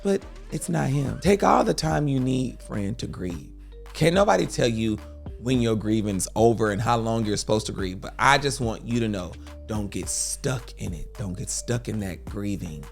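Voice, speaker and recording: Gravelly man giving earnest advice. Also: lowish voice, lively intonation, moderate pace, soft background music. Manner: earnest, preachy, comforting. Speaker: advice show host. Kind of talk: storytime advice monologue.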